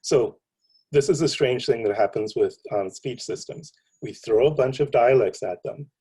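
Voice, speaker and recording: A man, a computer science professor, giving a seminar lecture in a relaxed, conversational way, full of ums and you-knows. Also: medium pitch, normal speed, slightly rough, poor audio.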